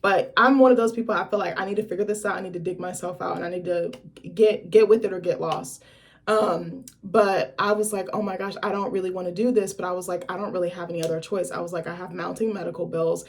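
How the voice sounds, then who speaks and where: A young adult woman vlogger in casual chat to camera, talking in a chatty, blunt and profane way with lively asides. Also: fairly low pitch, fast talker.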